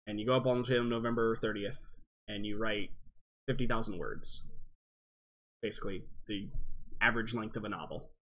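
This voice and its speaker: A man's voice: on the low side, a bit bright. A man chatting casually about his week in a loose, rambling way with many fillers. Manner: rambling, filler-heavy catch-up talk. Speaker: game master and stream host. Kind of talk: casual chat before a game session.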